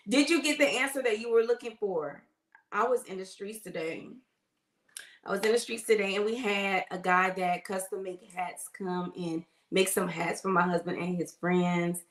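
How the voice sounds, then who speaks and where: A woman's voice: mid-range voice, steady tone, moderate pace, reverberant. A middle-aged woman, a nurse chatting casually on a phone livestream and greeting viewers by name. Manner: chatty, warm greetings, uses y'all.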